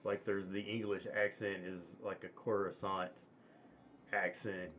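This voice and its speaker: A man's voice: low voice, little pitch movement, unhurried, fairly bright tone, lo-fi sound, slight background noise. A man hosting a casual chat, talking in a rambling way with many fillers and restarts. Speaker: stream host.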